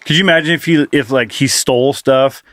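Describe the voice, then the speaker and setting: A man's voice: mid-range voice, brisk, fairly bright tone, no echo. A man co-hosting a comedy podcast, tossing in crude jokes and wry asides in casual chat. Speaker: podcast co-host.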